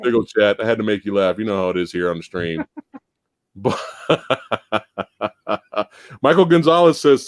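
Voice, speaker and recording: A man hosting a live movie podcast in casual chat, animated and profane, laughing often. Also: lowish voice, unhurried, pauses often, no room sound, studio quality. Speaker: podcast host.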